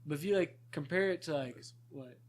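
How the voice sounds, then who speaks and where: A man's voice: a little high, fairly quick. A young man co-hosting a podcast, rambling in casual chat, swearing a lot and laughing often. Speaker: podcast co-host.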